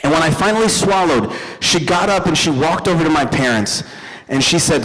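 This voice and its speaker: A young man doing a stand-up comedy set, telling animated stories and talking to the crowd. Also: fairly high pitch, normal speed, a little hiss or hum. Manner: animated storytelling, addresses the crowd. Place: event hall stage. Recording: live hall with long reverb.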